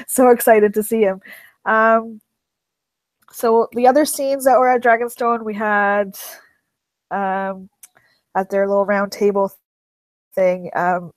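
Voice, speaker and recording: A woman's voice: medium pitch, no echo. A woman hosting a live video-call chat, enthusiastic and gushing, laughing between thoughts. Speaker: host.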